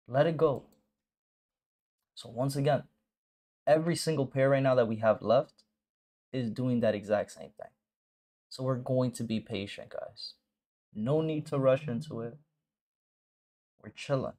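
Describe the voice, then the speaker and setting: A forex trading mentor with a dark, medium-pitched voice hosts a live trading stream. He talks to viewers casually and bluntly, swearing, using slang and repeating short phrases for emphasis.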